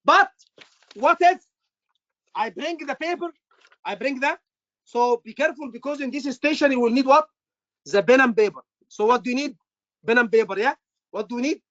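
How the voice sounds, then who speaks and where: A medical exam instructor teaches a live class, repeating key points and quizzing students with short questions. The voice is high-pitched and fairly bright, at normal speed with frequent pauses, and the sound is lo-fi.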